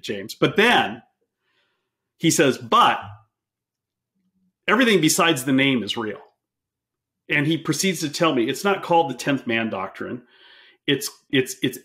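A man telling a story as a podcast interview guest, animated, often repeating words as he restarts sentences. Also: mid-range voice.

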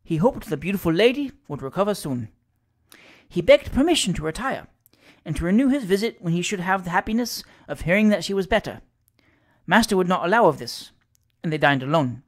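A reader narrating a classic ghost story aloud in a measured storytelling manner. The voice sits in a middle range. The delivery is steady and unhurried. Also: medium pitch. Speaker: audiobook reader. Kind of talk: classic fiction read aloud.

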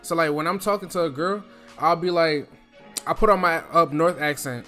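Slangy young man, higher voice. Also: normal speed, pushed and bright, soft background music. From New Jersey. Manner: slangy, loose and chatty, full of fillers; speaks from the throat on purpose. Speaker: vlogger giving advice. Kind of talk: casual advice monologue.

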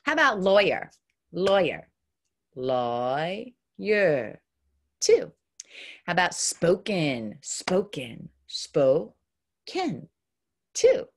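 In an online phonics class for small children, this woman teaches kindergarten with upbeat encouragement and a lively, bouncing pitch. She pronounces words slowly and deliberately, exaggerating them so they come across clearly.

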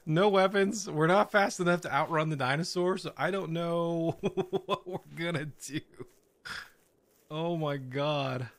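A man's voice: on the high side, fairly bright tone, slight background noise. A man playing a horror game, nervously commenting, laughing and swearing as he goes. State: scared, on edge. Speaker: gaming channel host.

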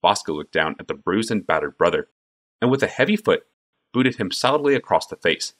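A man narrating a fantasy audiobook in expressive storytelling. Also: lowish voice, a little fast. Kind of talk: scripted narration.

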